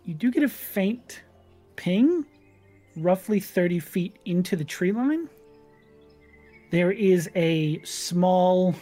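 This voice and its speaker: A woman narrating scenes as game master in a tabletop game, often laughing. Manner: descriptive, laughs often, lively pitch.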